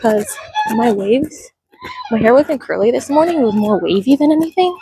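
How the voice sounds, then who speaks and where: A woman's voice: a little high, lively intonation, moderate pace, background noise. A woman livestreaming as she walks through a park outdoors, chatting and greeting viewers by name, recorded on a handheld phone. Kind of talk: casual livestream chat.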